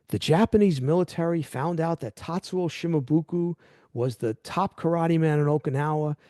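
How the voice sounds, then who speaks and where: A middle-aged man hosting a podcast, chatting casually and telling animated stories that act out quoted dialogue. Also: fairly high pitch, no room sound, studio quality. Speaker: podcast host. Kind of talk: casual interview chat.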